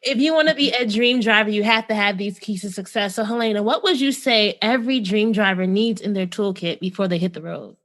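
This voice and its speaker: Bright-voiced woman podcast host. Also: mid-range voice, brisk, few pauses. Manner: interviewer asking guiding questions. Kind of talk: casual interview talk.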